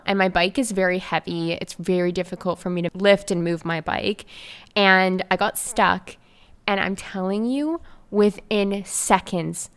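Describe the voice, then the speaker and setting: A woman's voice: on the low side, a bit bright, clear, resonant tone. A young woman from Canada hosting her own podcast, telling a story in a chatty, effusive way with many fillers. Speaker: podcast host and life coach. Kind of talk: casual solo podcast storytelling.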